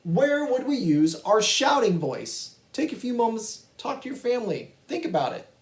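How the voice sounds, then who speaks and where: A man's voice: very high-pitched, sing-song, normal speed. A male music teacher giving a virtual kindergarten lesson, patient and encouraging as he talks to young children and their families. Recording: echoey room.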